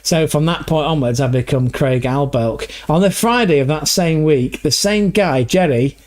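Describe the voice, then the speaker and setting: English guy rambling on his stream, swears a lot, voice sits a bit high. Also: moderate pace. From England. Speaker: livestream host. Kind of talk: casual chat.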